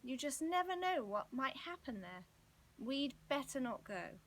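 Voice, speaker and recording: A woman's voice: high voice, sing-song, measured pace, heavily acted. A woman doing a sensible, earnest storybook boy. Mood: cautious. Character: cautious, sensible young boy.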